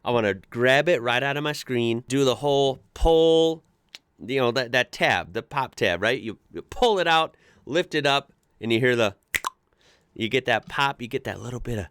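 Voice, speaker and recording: An American man hosting a casual reaction video, chatty and quick to laugh as he reads posts aloud. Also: mid-range voice, animated, fairly bright tone, clear, resonant tone, no room sound. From United States. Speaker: reaction channel host.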